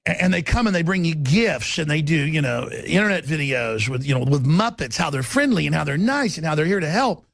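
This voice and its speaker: A man hosting a talk radio show, with a raspy voice and an intense, forceful delivery that swings between fast and slow. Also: a little high, animated, dry recording. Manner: intense, forceful, shifting pace.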